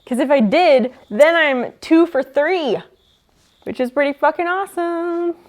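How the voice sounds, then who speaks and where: A woman with a fairly high voice talks slowly and loosely to her live-stream audience while she works on a table. She jokes around, teases her viewers and thinks out loud between tasks. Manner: chatty, joking, talks to chat while working. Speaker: streamer restoring furniture.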